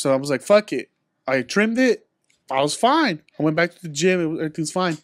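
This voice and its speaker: A man's voice: fairly high pitch, expressive, brisk, fairly bright tone, no room sound, studio quality. A young man hosting a podcast, telling a rambling story in casual chat with friends, full of slang and swearing. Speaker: podcast host.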